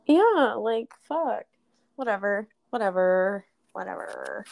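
Gravelly young woman ranting. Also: mid-range voice, slow, no room sound, studio quality. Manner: swears freely, ranting, animated retelling. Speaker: podcast co-host. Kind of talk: casual chat.

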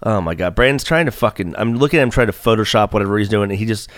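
A man's voice: fairly low pitch, very fast, fairly bright tone, dry recording, clean studio sound. Rambling, profane man hosting a podcast. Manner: rambling, profane, full of fillers and restarts. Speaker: podcast host. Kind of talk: casual bickering podcast banter.

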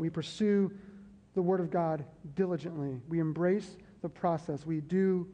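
A man's voice: fairly high pitch, fairly even intonation, a little slow, dark tone, highs cut off. A man preaching a sermon to his church in a conversational way, repeating key phrases and checking in with the congregation. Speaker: pastor. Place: church sanctuary. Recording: long hall reverb.

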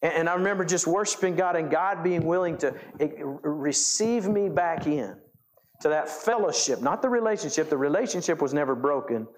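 A man preaches from the pulpit, spinning folksy ranch stories into his sermon. His voice sits a touch high for a man. He grows lively and animated as he acts out the scenes. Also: normal speed. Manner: folksy storytelling, animated when recounting. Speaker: pastor. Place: church sanctuary.

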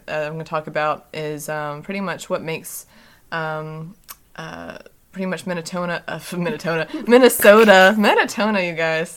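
A woman's voice: fairly low pitch, fairly bright tone. A young woman co-hosting a casual podcast, chatting with many fillers and frequent giggles. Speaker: podcast co-host.

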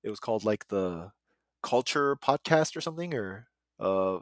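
A man's voice: fairly low pitch, animated, moderate pace, no echo, clean studio sound. A man hosting a casual podcast chat, rambling through anecdotes and laughing often. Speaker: podcast host.

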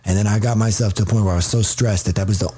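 A man's voice: on the low side, steady tone, very fast, mellow, breathy edge. A man in his thirties in candid casual conversation, blunt and heavily profane, often restarting his sentences.

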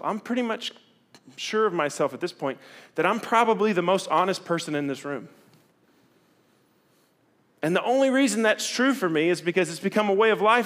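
A middle-aged man, preaching a sermon in a candid, conversational way that swings from loud to hushed. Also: fairly high pitch. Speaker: pastor.

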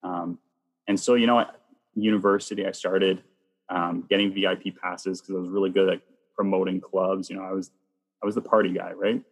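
Deep, husky man telling a story. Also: a little fast, in a large hall. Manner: lively storyteller, acts out quoted lines. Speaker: guest sharing his faith story. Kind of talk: personal testimony storytelling.

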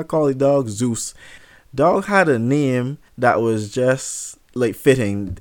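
A young man casually telling a funny story in an animated, profane and self-mocking way. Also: mid-range voice, normal speed.

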